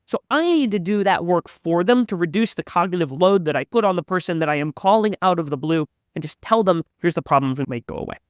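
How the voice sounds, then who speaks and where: A man's voice: sits high, animated, a little fast, few pauses, clean tone, no echo, studio quality. A man thoughtfully explaining sales methods as a guest on a podcast. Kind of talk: conversational sales advice.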